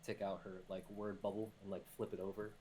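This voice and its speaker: Rambling player, a man with a lowish voice. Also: little pitch movement, brisk, a crowd in the background. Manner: rambling, with many likes and uhs. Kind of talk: playing a tabletop game.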